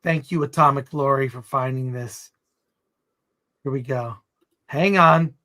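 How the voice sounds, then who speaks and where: Co-hosting a live election stream, a man jokes around and reads memes out loud in a chatty livestream style. His voice is medium-pitched and sharp, with a measured pace.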